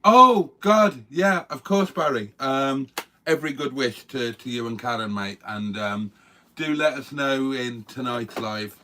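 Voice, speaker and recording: A man's voice: mid-range voice, measured pace, sharp tone, slight background noise. An older man co-hosting a casual live stream, reading out viewer comments with wry, self-mocking banter.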